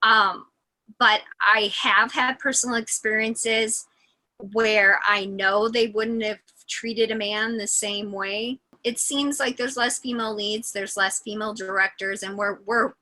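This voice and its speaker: A woman's voice: mid-range voice, fairly even intonation, unhurried, pushed and bright, poor audio. A woman guest on a video call giving firm, considered opinions, with a few restarts along the way. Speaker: interview guest. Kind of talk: opinion in interview.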